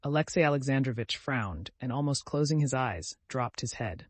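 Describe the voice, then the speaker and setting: A male audiobook narrator with a middle-pitched voice, reading in an even, measured way. The sound is close and dry, with no room echo. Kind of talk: scripted narration.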